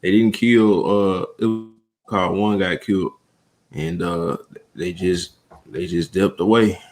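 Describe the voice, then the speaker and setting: A man from Atlanta, a guest on a livestream, speaking slowly and thoughtfully with many pauses and fillers. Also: deep voice, steady tone, darkish tone. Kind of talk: casual livestream chat.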